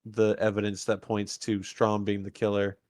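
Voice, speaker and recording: A man's voice: lowish voice, completely flat delivery, normal speed, darkish tone, no room sound. A man co-hosting a casual podcast, recapping a horror film with wry, opinionated comments. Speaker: podcast co-host. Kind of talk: casual movie-review chat.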